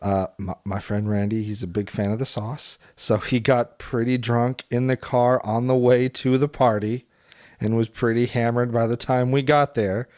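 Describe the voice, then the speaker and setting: A man recounts a party story on a casual podcast, loose and full of fillers. His voice is smooth and clear, recorded dry and close. His pitch is ordinary. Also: little pitch movement, moderate pace, darkish tone, dry recording.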